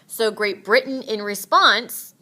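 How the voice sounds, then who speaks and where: A woman's voice: on the high side, slow pace, sharp tone. A woman teacher giving a casual, chatty history lecture with playful asides.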